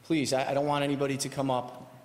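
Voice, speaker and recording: A man's voice: mid-range voice, completely flat delivery, quick pace. A man preaching a sermon as pastor, emphatic and repeating his key phrases. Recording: echoey hall reverb.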